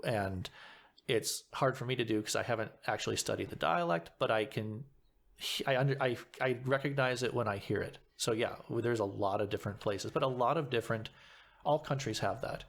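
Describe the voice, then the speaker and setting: A man chatting on a podcast as the guest, and his voice sits at an ordinary middle pitch. He thinks aloud, stops partway through phrases and starts them again before he finds his point. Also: vocal fry. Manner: thoughtful, halting, frequent restarts. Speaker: guest actor. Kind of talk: casual podcast chat.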